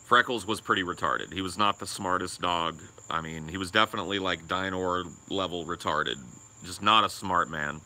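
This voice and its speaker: Crude rambling podcast guy, bright voice. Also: deep voice, normal speed, hardly any pauses. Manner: rambling, crude, swears a lot. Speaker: podcast co-host. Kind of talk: casual podcast storytelling.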